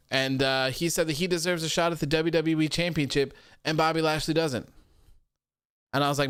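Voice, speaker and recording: A man's voice: fairly high pitch, steady tone, brisk, a bit bright, clear, resonant tone, dry recording. A man hosting a live stream, talking bluntly and opinionatedly into a studio microphone and reading viewer comments aloud. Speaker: host of a wrestling show. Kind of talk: live-stream casual chat.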